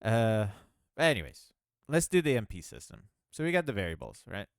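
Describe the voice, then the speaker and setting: Guy rambling thru his game dev work, laughs a lot, bouncy pitch, smooth clean voice, dry sound. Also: very animated, moderate pace, no room sound. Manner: rambling, self-mocking, laughs often. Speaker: game developer. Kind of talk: casual rambling devlog commentary.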